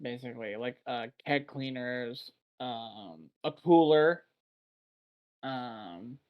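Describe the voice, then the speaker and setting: Brief: male beer podcast host from Texas, rambling casual chatter, mid pitch, loose swearing. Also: slow pace, lo-fi sound. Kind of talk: casual chat.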